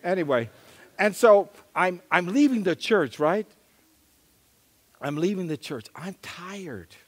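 A middle-aged male pastor preaching a story-driven sermon, animated and acting out the voices in his anecdotes. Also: high voice, takes it slowly. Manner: animated, acts out quoted voices, chuckles at himself. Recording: long reverb of a large hall.

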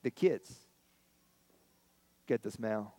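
A man's voice: lowish voice, animated, very slow, mellow, no echo. A man preaching a sermon as pastor, telling stories in a conversational way and repeating lines for emphasis.

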